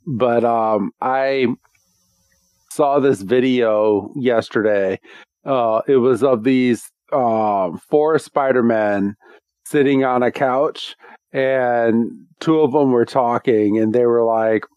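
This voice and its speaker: A male podcast co-host in relaxed chat, unhurried and full of ums and restarts. He laughs easily between stories. His voice is recorded dry and close, with no room sound. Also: mid-range voice, clear, resonant tone, no echo, highs cut off. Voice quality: laughs often, lots of fillers and restarts. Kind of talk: casual chat.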